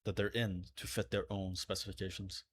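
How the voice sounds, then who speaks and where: Husky low-voiced man hosting a stream. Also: monotone, fairly quick. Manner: reads donations aloud with joking asides. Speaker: livestream host. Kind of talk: casual livestream chat.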